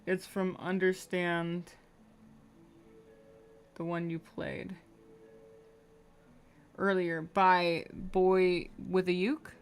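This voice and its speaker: A woman's voice: fairly low pitch, level tone, extremely slow, pauses often, smooth. A young adult woman streaming live while she draws, rambling casually to her chat and humming between remarks.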